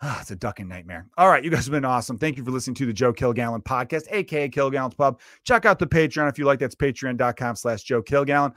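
Fast-talking man hosting a podcast. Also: mid-range voice, no echo, studio quality. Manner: conversational and animated, swearing, acting out quotes. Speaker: podcast host. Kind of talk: solo comedy podcast rant.

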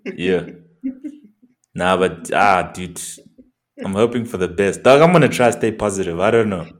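A man's voice: deep voice, animated, moderate pace. A young South African man with a South African accent, chatting casually as a podcast co-host, laid-back and slangy with plenty of swearing. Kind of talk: casual chat.

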